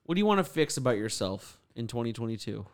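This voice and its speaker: A young man hosting a casual podcast chat, relaxed and rambling with lots of fillers. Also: medium pitch, fast, no echo. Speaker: podcast host.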